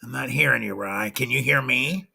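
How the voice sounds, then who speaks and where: A man's voice: medium pitch, moderate pace, gravelly, bright, forceful tone, slightly rough. A man hosting a livestream in a casual chatty way, greeting viewers by name one after another. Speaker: livestream host.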